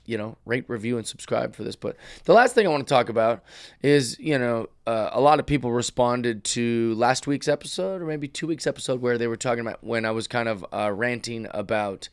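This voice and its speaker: On the comedy podcast he hosts, a middle-aged man delivers a casual, ranting monologue and breaks into mocking impressions of other voices. He speaks in a smooth, mid-range voice at a brisk pace.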